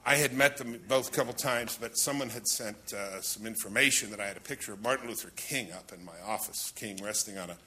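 A man's voice: fairly low pitch, a little fast, hardly any pauses, sharp tone. A man in his sixties on a conference panel, telling anecdotes with wry, self-deprecating humor and the odd chuckle. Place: conference roundtable.

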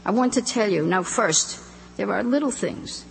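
A fussy, tender old father lectures his grown daughter on caring for herself, as a woman reads his lines aloud in a live story reading. His voice is gravelly and a touch higher than the reader's own. It rings with a long hall echo over a faint hum. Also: lively intonation, normal speed. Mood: lecturing. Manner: earnest, insistent advice-giving.

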